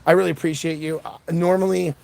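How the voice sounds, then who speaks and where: An exhausted man around forty rushes through a rambling monologue, his voice gravelly and low-edged. He jumps between thoughts, restarts sentences and piles on fillers. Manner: fast, scattered, many restarts and fillers. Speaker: independent political livestreamer. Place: outdoor punk festival.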